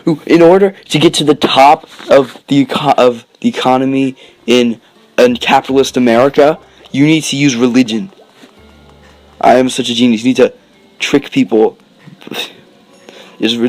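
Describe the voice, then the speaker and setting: A man's voice: mid-range voice, a little mellow, poor audio. A man giving casual, rambling gameplay commentary, joking and interrupting himself with lots of filler words. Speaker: let's play commentator. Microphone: desk mic, recorded after gameplay.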